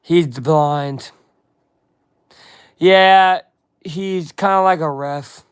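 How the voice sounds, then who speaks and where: A man's voice: fairly high pitch, slow, pauses often, a bit bright, no echo, clean studio sound. A man chatting casually on a live stream, reading a comic aloud and breaking off for asides to viewers.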